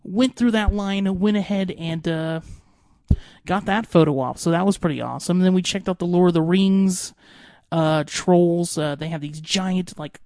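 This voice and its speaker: A young man hosting a podcast, giving an excitable, rambling recap full of fillers. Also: high voice, moderate pace, dry recording, studio quality. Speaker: podcast host.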